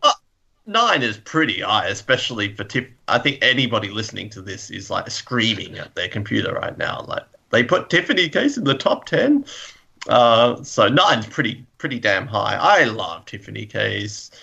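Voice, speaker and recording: Gravelly man chatting on a podcast. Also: fairly low pitch, very animated, normal speed, pushed and bright, lo-fi sound. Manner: enthusiastic, rambling, laughs often. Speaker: podcast co-host. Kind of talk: casual chat.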